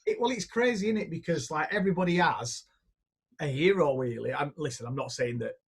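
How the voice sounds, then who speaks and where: Husky middle-aged guy rambling through stories, kinda high voice, swears a bit. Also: expressive, a little fast. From northern England. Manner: chatty storyteller, rambling anecdotes, swears casually. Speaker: music producer. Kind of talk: casual chat.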